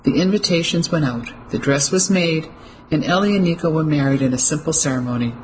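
An audiobook narrator reading a novel in steady, clear storytelling. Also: medium pitch, slight background noise, rough recording. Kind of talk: scripted narration.

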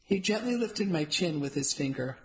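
A woman reading a novel aloud in first person with an even, measured delivery. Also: lowish voice, poor audio. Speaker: audiobook narrator. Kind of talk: first-person scripted narration.

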